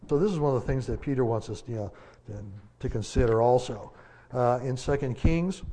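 A man preaching a sermon in a casual, halting way, with lots of fillers and the odd folksy joke. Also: mid-range voice, warm tone. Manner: conversational, halting, many fillers and restarts; folksy, joking aside.

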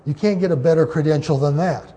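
Mellow-voiced man teaching Bible study. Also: a little high, fast talker. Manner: explanatory, with many fillers and restarts. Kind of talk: informal Bible study lecture.

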